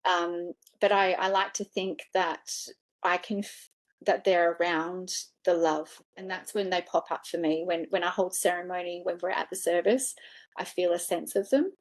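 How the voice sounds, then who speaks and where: A woman's voice: on the low side, moderate pace. A woman funeral director and celebrant in a casual interview, talking earnestly and acting out the words she quotes in her stories. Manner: animated storyteller who acts out her own quoted words.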